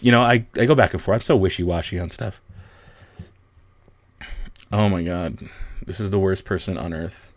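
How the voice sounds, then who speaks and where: A man's voice: low voice, moderate pace, pauses often, dry recording. Laughing, chatty young male streamer. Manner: laughs often, chatty, rambling, self-deprecating. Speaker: livestream host. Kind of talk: casual livestream chat.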